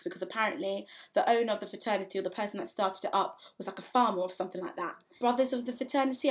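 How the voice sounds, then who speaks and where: Chatty young woman reviewing a TV episode. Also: mid-range voice. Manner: chatty, frank, with playful asides and many fillers. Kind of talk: casual spoken review.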